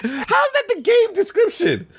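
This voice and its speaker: Highly animated podcast man. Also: vocal fry. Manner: animated, exclaiming, quick reactions. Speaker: podcast co-host. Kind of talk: casual gaming podcast chat.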